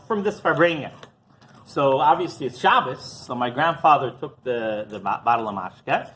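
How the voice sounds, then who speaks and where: Here a man who is a rabbi tells stories conversationally, often checking "right?" or saying "you know," and he performs the quoted voices with sharp pitch jumps. The tone is fairly bright, and there's a little noise in the background.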